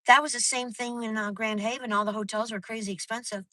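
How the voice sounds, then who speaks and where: A woman's voice: fairly high pitch, steady tone, fast talker, sharp tone, dry recording, low-quality recording. A woman vlogger live-streaming from her car at night, venting in a rambling, profane, casual way to her viewers. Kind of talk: casual live-stream chat while driving.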